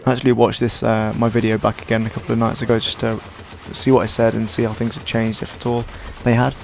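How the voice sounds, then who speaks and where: Hoarse, rambling young man. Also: on the low side, monotone, fast, slight background noise. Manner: rambling, self-deprecating, tired. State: hoarse, sore throat. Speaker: gaming commentator. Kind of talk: casual gameplay commentary.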